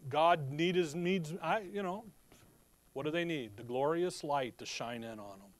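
A man's voice: a little high, measured pace, no room sound. A man preaching a sermon in a conversational, storytelling way. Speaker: pastor.

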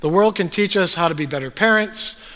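Man pastor, sermon, high bright voice, long echo in a church hall. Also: brisk. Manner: conversational storytelling, frequent fillers. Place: church sanctuary.

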